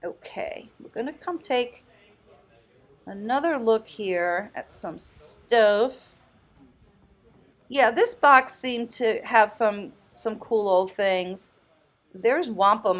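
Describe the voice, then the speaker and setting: A woman's voice: medium pitch, takes it slowly. Chatty woman thrift vlogger. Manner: chatty and enthusiastic, exclaims and laughs often; muses aloud, thinking out loud. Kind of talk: casual vlog commentary.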